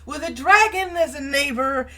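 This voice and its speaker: A woman's voice: high-pitched, normal speed, bright, forceful tone. A middle-aged woman co-hosting a casual chat show, talking chattily and laughing often. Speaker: co-host.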